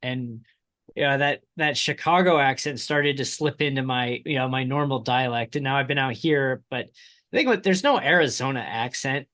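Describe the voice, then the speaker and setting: A man in his thirties from Indiana with a Midwestern accent, co-hosting a casual podcast chat in an animated, chatty way, laughing often. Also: mid-range voice, moderate pace. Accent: Midwestern American. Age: 30s. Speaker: podcast co-host.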